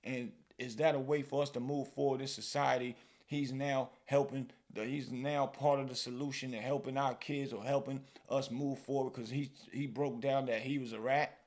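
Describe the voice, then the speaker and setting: A man with a New York accent hosting a podcast, giving casual, animated commentary and often tacking "man" or "bro" onto his lines. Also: mid-range voice, normal speed, hardly any pauses. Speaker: podcast host.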